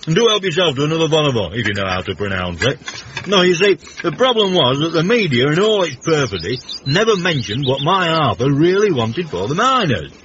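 Brief: genteel, self-important gent in a radio comedy, affected and theatrical, higher voice that bounces around; dull, hissy broadcast sound. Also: male voice, big pitch swings, a little fast. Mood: airy, genteel. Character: genteel, pompous middle-aged man, brother of a union leader. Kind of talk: 1980s radio comedy acting.

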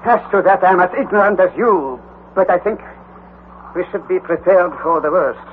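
An actor playing an elderly, bold professor-explorer in an old radio drama, speaking in a commanding, theatrical, professorial manner. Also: male voice, sits high, normal speed, natural voice. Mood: calm, grave. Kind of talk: 1940s radio acting. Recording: tinny, hissy old radio broadcast.

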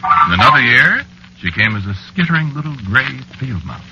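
A man's voice: mid-range voice, sing-song, brisk, muffled recording, noisy background. An actor narrating as an ageless man married to a witch in an old-time radio drama, wistful in telling and flustered in dialogue. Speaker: narrator and lead character.

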